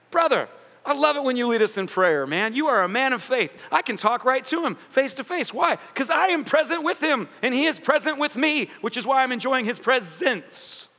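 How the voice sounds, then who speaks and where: A man preaching a sermon in a lively, playful way, often acting out quoted voices. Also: extremely high pitch, in a large hall. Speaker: pastor.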